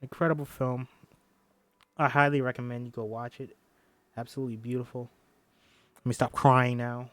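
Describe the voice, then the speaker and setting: A man's voice: mid-range voice, normal speed, long pauses, fairly bright tone, soft background music. A man reading a film script aloud on a stream, emotional and swearing casually between lines. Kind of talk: script read-aloud with commentary.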